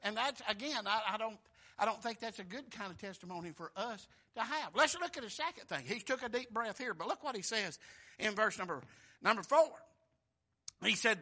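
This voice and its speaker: A preacher with a very high voice and a sharp, piercing edge delivers a sermon. He speaks in a folksy way, drops to quiet asides, then reads scripture loud and slow as he builds up. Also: lively intonation. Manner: folksy, rhetorical questions to the congregation.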